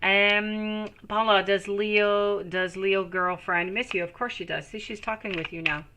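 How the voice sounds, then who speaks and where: A woman's voice: medium pitch, fairly even intonation, measured pace, sharp tone, slight background noise. A woman giving live tarot readings to viewers, reassuring and calling them sweetie. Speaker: tarot reader.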